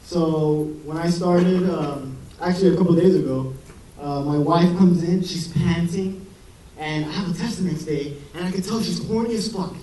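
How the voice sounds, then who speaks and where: High-voiced young man doing stand-up. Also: normal speed, mellow, a little hiss or hum. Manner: rambling, profane, self-deprecating storytelling. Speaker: medical student doing stand-up. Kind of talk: stand-up comedy set. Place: comedy venue with live audience. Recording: roomy, distant live recording with crowd laughter. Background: audience laughing.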